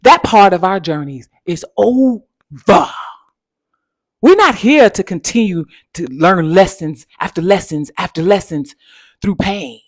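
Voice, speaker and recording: A woman's voice: on the low side, expressive, unhurried, dry recording. Emphatic woman preaching empowerment. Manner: emphatic, repetitive, preacher-like cadence with pet names. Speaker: spiritual coach and channel host. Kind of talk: motivational talk to camera.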